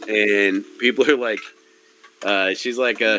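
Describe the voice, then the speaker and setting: A man narrating a tabletop game as game master in a loose, rambling way, switching quickly between characters' lines. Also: on the low side, fairly even intonation, sharp tone, soft background music.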